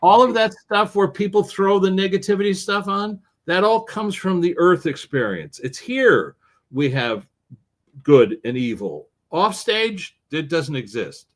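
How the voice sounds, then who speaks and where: A man being interviewed as an author, telling stories in an animated way with wide swings in his voice. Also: high voice, measured pace. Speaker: author and guest. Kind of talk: interview conversation.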